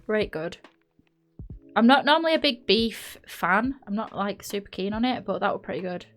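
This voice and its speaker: Soft music plays behind a live streamer, a woman with a Yorkshire accent who chats loosely while building in a game. Her medium-pitched voice is expressive and a bit bright at a moderate pace, and her talk rambles, with frequent laughs and self-corrections.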